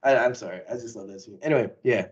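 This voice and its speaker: A man co-hosting a casual pop-culture podcast, talking excitedly and rambling with frequent laughs. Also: medium pitch, quick pace, slightly rough, dull audio. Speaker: podcast co-host. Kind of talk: casual chat.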